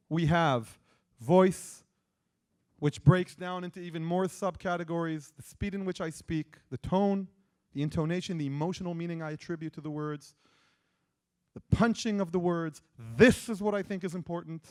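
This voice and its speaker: A man with an Israeli accent giving an interactive lecture and quizzing the audience with questions. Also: a little high. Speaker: persuasion lecturer.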